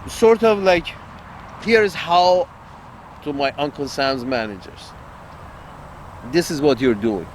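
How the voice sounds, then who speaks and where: A man talks in a slow, unhurried drawl, with a voice sitting a little high for a man. He rambles bluntly and crudely, circling back to repeat his points, with faint traffic noise behind him outdoors. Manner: blunt, crude, repeats himself, laughs at own jokes. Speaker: online commentator. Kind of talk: rambling political monologue.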